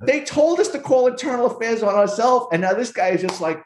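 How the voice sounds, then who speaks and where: A man's voice: high-pitched, expressive, fast, hardly any pauses, roomy sound. A man, a former police officer, telling a profane story in an interview and acting out the people in it. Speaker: guest, retired police officer and author.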